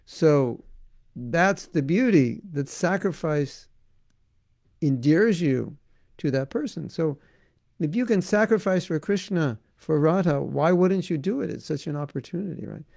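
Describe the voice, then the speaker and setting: Gravelly-voiced man giving a devotional talk. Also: fairly high pitch, expressive, unhurried, no room sound, clean studio sound. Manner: conversational, gently coaxing, frequent "you know". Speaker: spiritual teacher answering questions.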